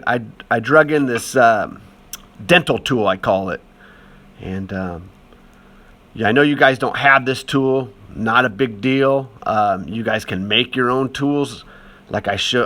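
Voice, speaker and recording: A man's voice: lowish voice, fairly bright tone. A man talking casually over a demonstration as an art teacher, chatty and encouraging, with lots of fillers.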